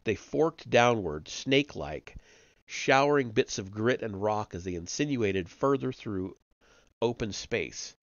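Low-voiced man reading a novel aloud. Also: unhurried, dry recording, dull audio. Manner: steady reading with small slips and self-corrections. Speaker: audiobook reader on a live stream.

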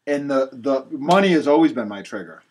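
Speaking fairly quickly at a medium pitch, this podcast guest from Rhode Island tells his story with candor and animation. He performs other people's lines as he goes, and a faint hiss or hum runs under the audio.

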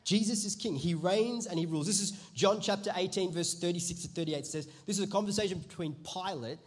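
A man preaches in a church, his voice a little husky and pitched somewhat high for a man. He talks in a loose, conversational way that builds into loud, emphatic delivery. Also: fairly quick. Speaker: pastor. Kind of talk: sermon. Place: church auditorium.

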